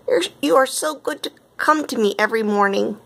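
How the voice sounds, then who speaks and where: A woman's voice: on the high side, fairly quick, vocal fry, fairly bright tone, voice pushed up. Elderly lady, grateful, fond, a bit fretful, storybook, woman voicing her.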